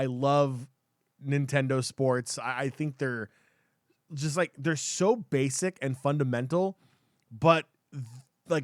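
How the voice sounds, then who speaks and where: A man co-hosting a gaming podcast, talking in an excitable, rambling way with many fillers and restarts. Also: mid-range voice, dry recording, studio quality. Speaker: podcast co-host. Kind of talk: casual chat.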